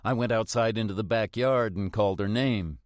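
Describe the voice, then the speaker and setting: A man reads a first-person thriller with a tense, suspenseful delivery. His voice sits on the low side. The recording is dry and close. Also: a little fast, no echo. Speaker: audiobook narrator. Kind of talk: first-person scripted narration.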